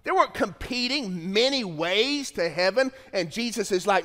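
A middle-aged man preaching a sermon as pastor, telling a family story in an earnest way and swelling louder on key phrases. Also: sits high, lively intonation, normal speed. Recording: long hall reverb.

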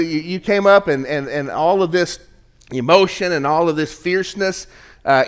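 A man's voice: fairly high pitch, a bit bright, smooth. A middle-aged man preaching a conversational sermon to a congregation in church, joking with the listeners. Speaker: pastor. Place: church sanctuary.

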